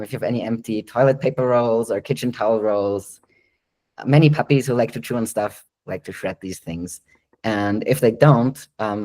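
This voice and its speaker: Man, dog trainer, live Q&A host, chatty explaining, frequent ums, light laughs, medium pitch. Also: darkish tone, low-quality recording. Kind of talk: live online Q&A, casual explaining.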